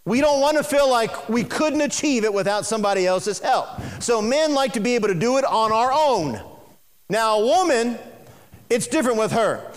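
Male preacher, high voice, emphatic sermon, repeats his points, addresses the congregation, echoey hall. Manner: emphatic, repetitive, speaks straight to the congregation. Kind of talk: sermon on marriage.

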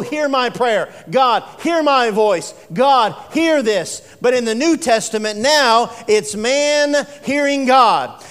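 A male preacher giving a sermon, swinging from forceful declarations to hushed, drawn-out phrases. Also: very high voice. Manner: dramatic swings between loud preaching and hushed slow phrases. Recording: long hall reverb.

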